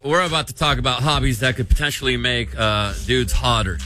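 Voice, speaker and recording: A man hosting a morning radio show, asking quick teasing questions in casual banter. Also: mid-range voice, bright, forceful tone, soft background music.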